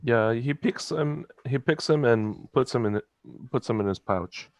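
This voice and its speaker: A man plainly narrates his character's actions in a tabletop game. His voice sits at a middling pitch, and the recording is dry, with no room sound. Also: measured pace, no echo. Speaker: player. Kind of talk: casual tabletop play.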